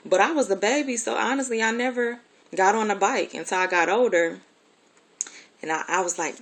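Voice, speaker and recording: A woman's voice: medium pitch, steady tone, brisk. A grown woman telling a personal childhood story in a casual, rambling way, candid and profane with many fillers. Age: adult.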